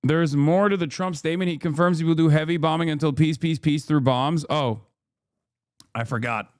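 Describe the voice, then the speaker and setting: A man's voice: fairly high pitch, moderate pace, no echo. A man in his thirties doing live political commentary as a streamer, sarcastic and profane, ranting on a close mic.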